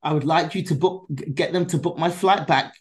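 A woman's voice: sits low, brisk. A woman comedian telling a story as a podcast guest, acting out each person's lines and swearing freely. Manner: animated, acts out dialogue in different voices. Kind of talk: conversational storytelling.

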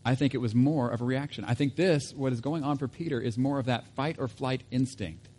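Man, pastor, conversational sermon, mid-pitched voice, casual asides, corrects himself. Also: a little fast, mellow.

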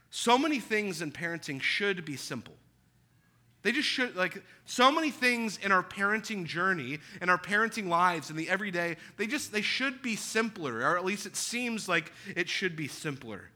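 Pastor, male, thirties; high, very bright voice, chatty storytelling sermon. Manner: conversational storytelling with acted quotes. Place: church auditorium.

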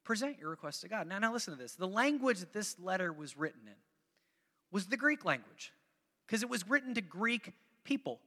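A man's voice: high-pitched, sharp tone, in a large hall. A man preaching a sermon as pastor, talking to the congregation in a conversational way, repeating phrases for emphasis and coaxing people to join in.

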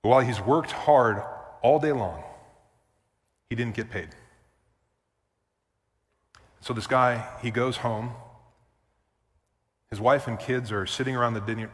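A man's voice: fairly low pitch, moderate pace, long pauses. Man preaching in an echoing hall. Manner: emphatic, repetitive preaching with rhetorical asides to the congregation. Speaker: pastor. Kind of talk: sermon. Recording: long church reverb.

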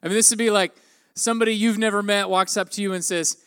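A man in his forties gives a conversational sermon. His voice sits high for a man. He slips into the people of the story as he quotes them. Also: quick pace, fairly bright tone, smooth. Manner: conversational, acts out quoted lines with raised pitch. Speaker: pastor.

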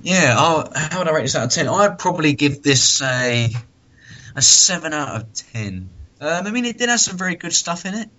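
A man's voice: a little high, big pitch swings, moderate pace, sharp tone. A man co-hosting a podcast in casual chat, laughing often and acting out quotes as he talks. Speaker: podcast co-host. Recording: dull lo-fi sound.

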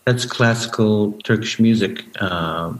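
Man, lowish voice, musician guest, thoughtful, hesitant, uhs, remote call. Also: a little slow, poor audio. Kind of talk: casual conversation.

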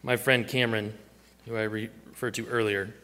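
A man's voice: on the low side, flat delivery, normal speed, bright, forceful tone, in a large hall. A man preaching a sermon, telling stories and acting out the voices he quotes. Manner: storytelling, acts out quoted voices. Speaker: pastor.

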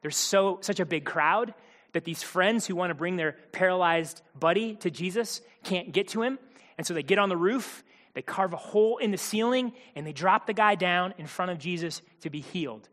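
A man's voice: high-pitched, normal speed, a bit bright, big-room sound. A man preaching a sermon in a conversational, emphatic way, acting out the quotes he tells.

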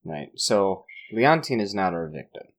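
Very deep-voiced wry woman co-host. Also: very animated, unhurried. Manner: wry reactions and joking asides. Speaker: podcast co-host reacting. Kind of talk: casual true-crime podcast chat.

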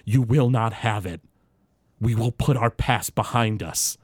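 A man's voice: on the low side, unhurried, slightly rough, dry recording. A man playing a frightened but defiant teenage dragonborn boy who proclaims stiffly.

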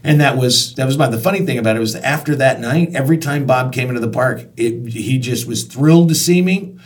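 A man's voice: mid-range voice, brisk. A man telling a personal work anecdote in a conversational way, often restarting sentences and acting out dialogue. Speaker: storyteller recalling work as concert venue staff. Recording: voice picked up from a distance.

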